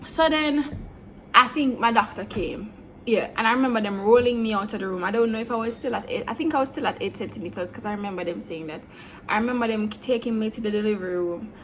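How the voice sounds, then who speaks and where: A young woman telling a storytime vlog, blunt and animated, slipping between patois and standard English. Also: mid-range voice, fast talker, slight background noise. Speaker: vlogger. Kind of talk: storytime monologue.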